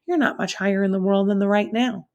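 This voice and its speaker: A woman's voice: mid-range voice, quick pace, darkish tone, muffled recording, lightly acted. A woman voicing a sneering Irish landlady. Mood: scornful. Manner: snapping, scornful drawl. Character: sneering middle-aged Irish landlady, bigoted and sharp.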